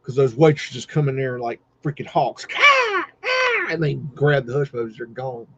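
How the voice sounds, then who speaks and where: A man's voice: medium pitch, fairly even intonation, normal speed, a little hiss or hum. Rambling folksy man, lo-fi stream. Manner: folksy, swears casually, lots of fillers. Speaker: podcast host. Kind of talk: casual rambling storytelling.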